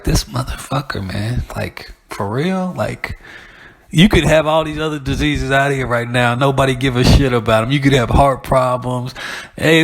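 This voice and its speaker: A man from Austin, hosting a podcast in a loose, profane, joking monologue. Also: medium pitch. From Austin, Texas. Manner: loose, profane, chuckling between jokes. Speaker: podcast host. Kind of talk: casual comedic monologue.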